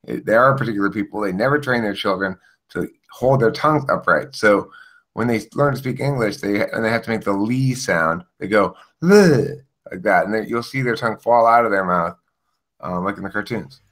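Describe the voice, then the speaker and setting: A man's voice: lowish voice, a little fast, a bit bright. A man in casual joking chat, teasing his friends in a mock-expert, sarcastic way. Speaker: group chat participant.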